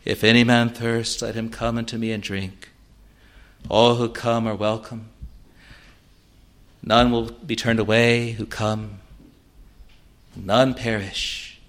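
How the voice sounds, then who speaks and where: Male preacher, earnest sermon delivery, slow measured pace, rises and falls in volume. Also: medium pitch, little pitch movement. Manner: earnest, swells loud on key words then drops soft.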